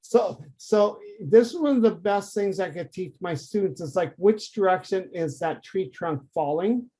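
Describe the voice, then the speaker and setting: A man who teaches anatomy for artists, talking through a drawing demonstration on a video call, lively and emphatic. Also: sits high, a little slow, husky. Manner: animated, conversational, emphatic teaching. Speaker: anatomy art professor.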